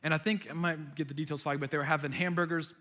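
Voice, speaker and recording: A man preaching a sermon with animated storytelling, acting out the voices of people in his stories. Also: a little high, fast. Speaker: pastor.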